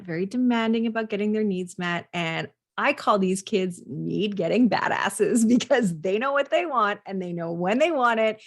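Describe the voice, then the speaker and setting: A woman parenting coach giving direct advice, speaking earnestly straight to the listener. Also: medium pitch.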